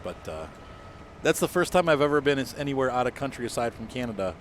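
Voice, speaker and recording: A man's voice: mid-range voice, sing-song, quick pace, slight background noise. A young American man chatting casually with viewers while playing a game, rambling with lots of fillers. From United States. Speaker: streamer. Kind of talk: casual gameplay chat with viewers.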